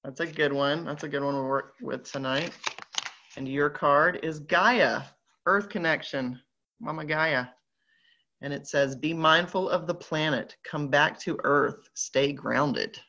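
A woman's voice: deep voice, measured pace, sharp tone. A woman with a Southern American accent, chatting upbeat and playful as she leads a live online group and reads oracle cards aloud. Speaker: spiritual group leader. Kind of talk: live online card reading. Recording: slightly dull lo-fi audio.

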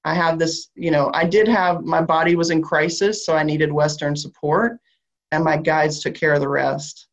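A woman with a Southern US accent, a shamanic practitioner who leads a group through a guided meditation. She speaks slowly and soothingly and leaves long pauses. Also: low-pitched, steady tone. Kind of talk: guided meditation and spiritual talk.

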